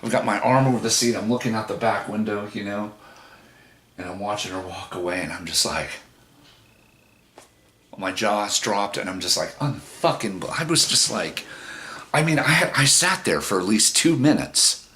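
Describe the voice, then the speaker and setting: A man's voice: on the low side, normal speed, long pauses. A man in a vlog telling a personal story in a casual, profane way and acting out the dialogue. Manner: animated, profane, acts out the dialogue. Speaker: vlogger.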